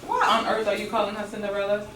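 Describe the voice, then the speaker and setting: A woman's voice: medium pitch, level tone, fast, a bit bright, close to an everyday voice. A woman rehearsing the part of Miss Rach, a puzzled grown woman, in a bemused, questioning delivery. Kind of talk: rehearsal line reading. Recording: roomy, distant mic, faint background noise.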